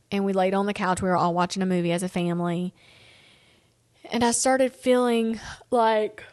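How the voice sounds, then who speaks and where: A woman's voice: mid-range voice, a little mellow, dry recording, studio quality. A middle-aged woman tells a long personal story on her solo podcast. She is tired and yawning, rambling and talking straight to her listeners. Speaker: podcast host.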